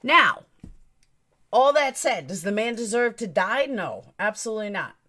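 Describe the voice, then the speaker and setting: A woman's voice: medium pitch, sing-song, normal speed, sharp tone. A woman hosting a true crime live stream, talking straight to her chat in a blunt, emphatic, opinionated way.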